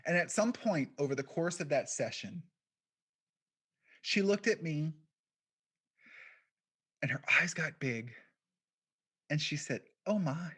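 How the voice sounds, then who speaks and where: A man giving a keynote, telling a personal story in a quiet, reflective way with deliberate pauses. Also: a little high, expressive, breathy edge. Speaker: keynote speaker, podcast founder.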